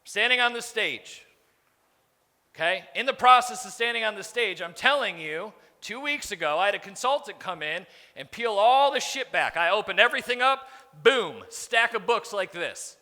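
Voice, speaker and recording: A man in his thirties delivers a profane, no-filter business talk from a conference stage, slipping into quick voices for the people he quotes. His voice sits high and sounds sharp and bright with a gravelly edge. A long hall reverb trails behind every line. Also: animated. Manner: blunt, profane, acts out quoted dialogue. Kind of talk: profane motivational keynote.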